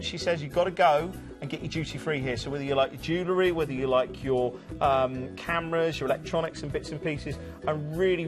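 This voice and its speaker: A man from Southwest England with a Southwest English accent, presenting cruises in chatty, jokey live TV sales patter. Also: on the high side. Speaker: TV shopping channel cruise presenter. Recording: music bed under the voice.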